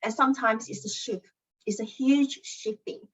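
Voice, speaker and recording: A woman leading a spiritual circle, talking in an earnest, lively way with non-native phrasing. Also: fairly high pitch, moderate pace, slightly rough, highs cut off. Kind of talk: casual group session talk.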